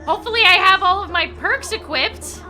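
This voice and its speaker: A woman's voice: very high-pitched, fairly quick, bright, forceful tone, soft background music. A young adult woman streaming a game live, chatting casually, swearing freely and yelping when startled. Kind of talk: casual chat while gaming live.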